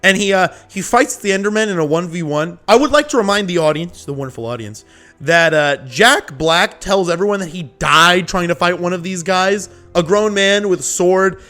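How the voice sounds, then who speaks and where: A young man reviewing a film in an exasperated, sarcastic rant, with loud shouting outbursts. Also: high voice, normal speed, soft background music. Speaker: video reviewer. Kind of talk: ranting commentary.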